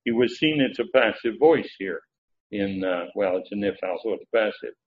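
A man teaching through Bible verses word by word, pausing often with filler sounds as he explains. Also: lowish voice, lively intonation. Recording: dull lo-fi recording with faint background noise.

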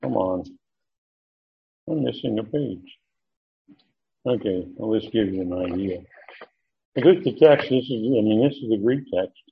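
A man teaching a Bible study, deliberate and emphatic, pausing often with fillers. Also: lowish voice, animated, creaky. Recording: muffled lo-fi recording.

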